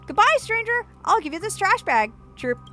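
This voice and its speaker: A woman's voice: very animated, normal speed, bright, forceful tone, faint music behind, heavily acted. A woman voicing a gloomy, self-pitying little origami bird from a game, chirping as she talks. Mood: mopey. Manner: chirping, whiny and squeaky.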